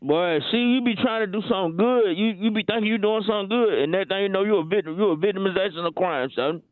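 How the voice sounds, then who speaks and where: A man's voice: high-pitched, fast talker, no echo, close to an everyday voice. A man voicing a rambling, stammering male caller who makes wild excuses to miss work, heard over a phone line. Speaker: comedy caller.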